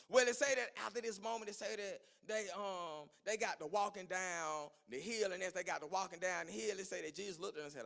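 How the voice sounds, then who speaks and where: Male preacher with a high, gravelly voice, telling Bible stories in loose, folksy sermon style. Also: fairly quick, few pauses. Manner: retells scripture as lively storytelling in casual vernacular. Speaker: pastor.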